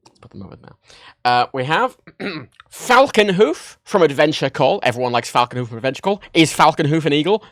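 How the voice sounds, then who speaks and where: A man hosting a livestream from his desk, chatting casually and excitedly while he jokes and rambles through a show-and-tell. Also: a little high, fairly quick, dry recording, clean studio sound. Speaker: livestream host. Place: home desk setup.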